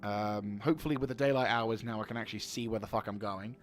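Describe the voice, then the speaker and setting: A man's voice: fairly low pitch, steady tone, fast talker. A man streaming a space game, talking to himself as he plays, swearing often and flaring up now and then. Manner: mutters to himself while playing, swears, flares up. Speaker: gaming streamer. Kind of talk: live gameplay commentary. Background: game music.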